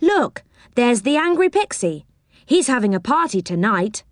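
A woman voicing an eager young boy who leads the other children in a read-aloud story, sounding bright and encouraging. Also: fairly high pitch, big pitch swings, unhurried, no room sound, clean studio sound, voice pushed up.

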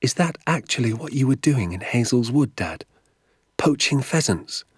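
A man's voice: animated, moderate pace, slightly rough, no echo, clean studio sound. A man reading aloud and voicing a curious, anxious young boy with an eager, questioning manner. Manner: eager questioning, rising pitch.

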